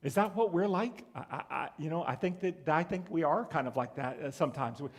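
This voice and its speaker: A man's voice: on the high side, a little fast. A man preaching a sermon as pastor, asking rhetorical questions and chuckling as he goes.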